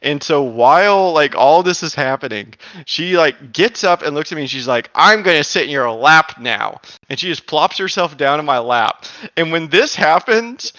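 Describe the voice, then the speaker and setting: Bright-voiced man rambling through a story. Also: a little high, animated, moderate pace, hardly any pauses, no room sound. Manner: rambling, filler-heavy, laughing storytelling. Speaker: storyteller in group chat. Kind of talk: casual chat.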